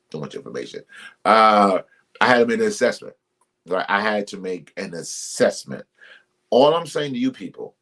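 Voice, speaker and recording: Hosting a ministry live stream, this man shares casual relationship advice with a slightly bright tone. He stresses his points and repeats them preacher-style, shifts pitch abruptly, and welcomes commenters by name.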